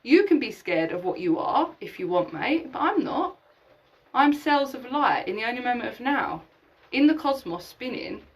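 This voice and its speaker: A woman's voice: a little high, far from the mic, low-quality recording. A woman hosting a live spiritual session, talking emphatically, swearing casually and acting out imagined conversations. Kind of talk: live-streamed spiritual talk.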